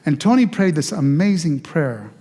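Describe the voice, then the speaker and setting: An older pastor tells his personal testimony with animated storytelling, stumbling over restarts and acting out the voices he quotes. His voice sits fairly high for a man. It rings with the long reverb of a church hall. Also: moderate pace.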